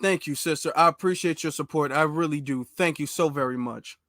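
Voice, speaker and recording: A man hosting a live call-in talk show, speaking in a relaxed, conversational and supportive way. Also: fairly high pitch, fairly quick, no echo, studio quality.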